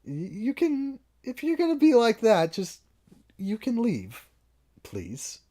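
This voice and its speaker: A man voicing a flustered male bartender who pleads with rowdy guests in a high, loud voice. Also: huge pitch swings, slow pace, exaggerated voice. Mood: pleading.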